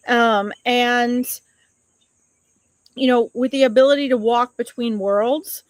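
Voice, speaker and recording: A woman's voice: fairly high pitch, moderate pace, no echo. A woman hosting a psychic live stream outdoors, chatting casually and affectionately as she reads out viewer comments and greets them with pet names.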